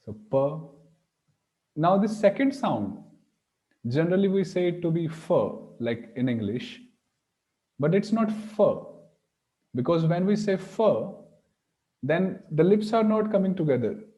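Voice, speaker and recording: A man's voice: high-pitched, expressive, unhurried, long pauses, mellow, muffled recording. A man teaching Sanskrit pronunciation, patiently sounding out each letter aloud. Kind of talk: online class explanation.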